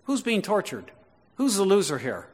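A man's voice: sits high, huge pitch swings, moderate pace, big-room sound. A man preaching a sermon, emphatic and full of rhetorical questions.

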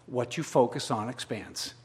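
In the long reverb of a large hall, a male pastor delivers a sermon at normal speed, his mid-range voice a little mellow. He reads scripture aloud and comments with pointed rhetorical questions.

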